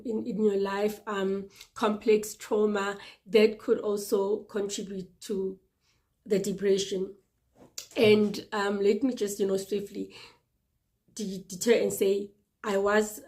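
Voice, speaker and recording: Woman, 30s, unscripted personal testimony, slow and earnest with halting restarts, mid-pitched voice. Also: darkish tone. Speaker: vlogger sharing personal experience.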